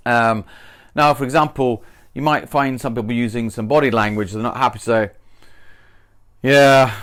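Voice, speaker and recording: Slow, smooth-voiced male English teacher. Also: mid-range voice. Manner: relaxed, demonstrates tones with acted example lines. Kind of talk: casual video lesson.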